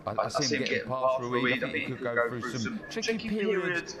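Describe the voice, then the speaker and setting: A man giving boxing punditry on a panel, enthusiastic with halting restarts. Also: medium pitch, sing-song, bright, forceful tone, husky. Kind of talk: press event panel commentary.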